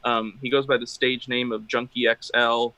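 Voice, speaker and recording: A man's voice: medium pitch, level tone, normal speed, pushed and bright, low-quality recording. A man, a guest drum maker, talking casually in an interview with many fillers and restarts.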